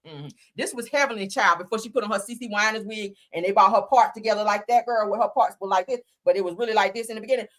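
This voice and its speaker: Bright-voiced sassy gossip host woman. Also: mid-range voice, quick pace, hardly any pauses. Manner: sassy, chatty, calls audience girl and honey. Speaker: live show host. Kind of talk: casual gossip chat.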